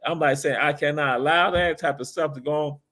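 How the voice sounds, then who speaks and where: Male host, high-pitched, emphatic and preachy, casual talk. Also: fairly even intonation, brisk, a bit bright. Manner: emphatic, preachy, repeats phrases. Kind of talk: casual call-in style talk.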